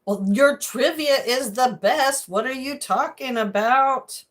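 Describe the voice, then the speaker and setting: A woman's voice: sits high, takes it slowly. A middle-aged woman chatting casually on a livestream while cooking in her home kitchen, greeting viewers by name and wandering into rambling asides.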